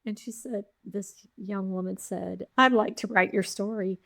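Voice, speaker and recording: A middle-aged woman, a podcast guest, telling her founding story with lively quoted voices. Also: medium pitch, unhurried, vocal fry, no echo, clean studio sound. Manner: animated storyteller, acting out quotes. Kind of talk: storytelling interview.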